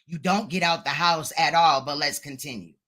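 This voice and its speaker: Woman host, bright edgy tone, profane heated rant on a live stream. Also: low-pitched, moderate pace. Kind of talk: heated reaction livestream.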